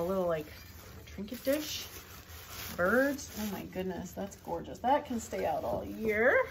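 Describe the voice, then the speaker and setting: A woman's voice: medium pitch, very animated, measured pace, creaky. A woman unboxes gifts at home, gushing and gasping over every little thing. Her voice sits in an ordinary middle register. A faint hiss of room noise lies under it. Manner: gushing, gasping and exclaiming over each item. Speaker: thrift vlogger opening mail. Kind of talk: casual unboxing chat. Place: home, indoors.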